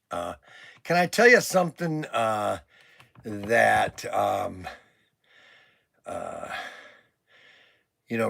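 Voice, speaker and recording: A man hosting a toy shop live stream, an excitable pitchman who rambles and breaks into shouts, his voice strained from days of nonstop talking. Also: gravelly. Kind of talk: casual live-stream sales talk. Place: inside a toy shop among shelves.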